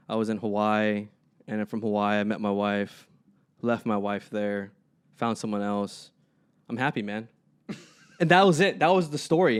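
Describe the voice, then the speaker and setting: A young man, a podcast co-host, telling stories in a casual chat and acting out the people in them. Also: fairly high pitch. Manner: animated, acts out people in his stories.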